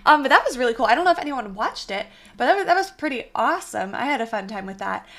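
A young woman streaming from a small bedroom alcove, chatting casually and thanking viewers effusively, her voice slightly hoarse. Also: on the high side, very animated, fast, fairly bright tone. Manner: bubbly, effusive thanks to chat. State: slightly hoarse, voice partly gone. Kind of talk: casual live-stream chat.

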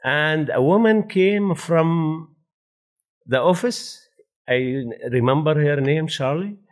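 Lively Arabic-accented man telling stories. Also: a little high, takes it slowly. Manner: animated, laughing, non-native grammar. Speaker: panel speaker. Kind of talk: personal storytelling at a talk.

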